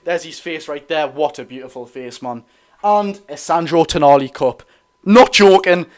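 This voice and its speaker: Excitable young Geordie lad, slightly high voice. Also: male voice. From North East England. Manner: excitable, rambling, quick to apologise. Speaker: football fan streamer. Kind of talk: live watch-along chat. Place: room at his dad's house.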